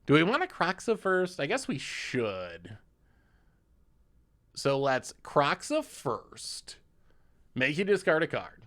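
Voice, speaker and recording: Man with lively pitch, thinking aloud. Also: slow, pauses often. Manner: reactive, thinks aloud, thanks subscribers. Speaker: streamer playing a card game. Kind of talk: live gameplay commentary.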